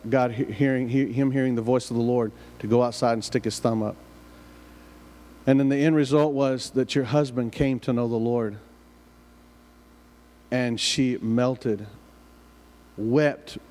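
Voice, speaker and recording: A man preaching a sermon, his mid-pitched voice ringing with a long tail of reverb from a large hall. He tells an anecdote earnestly, often doubling back on his words before pressing on. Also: darkish tone. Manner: earnest, repeats and restarts phrases while telling a story. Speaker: pastor. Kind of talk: sermon storytelling.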